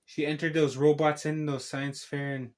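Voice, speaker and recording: A man's voice: on the high side, flat delivery, moderate pace, darkish tone. A man giving a casual spoken film recap as a reviewer, rambling through a tangled retelling full of restarts.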